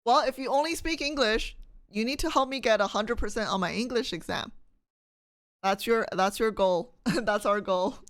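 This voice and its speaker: A woman streamer from Canada chats through test questions with her viewers. She reads each line aloud, reasons out loud and laughs often. Her voice sits at an ordinary pitch and sounds close and dry. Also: smooth, dry recording. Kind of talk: casual live-stream chat with viewers.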